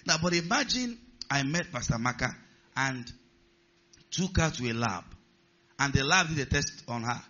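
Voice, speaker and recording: A man's voice: mid-range voice, lively intonation, fairly quick, long pauses, bright, forceful tone. A male pastor preaching a sermon, stressing key words and putting questions to the congregation. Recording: slightly muffled recording.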